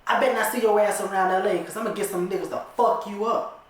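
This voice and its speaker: A man voicing an angry, sharp-tongued young woman who shouts back defiantly, reading a film script aloud. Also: fairly high pitch, fairly quick, close to an everyday voice. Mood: threatening. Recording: very echoey room.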